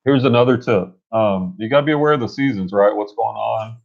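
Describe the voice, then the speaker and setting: Co-host, man, lowish voice, upbeat casual livestream talk, dull lo-fi audio. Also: fairly quick, creaky. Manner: upbeat, reads viewer comments aloud. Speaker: reseller co-host.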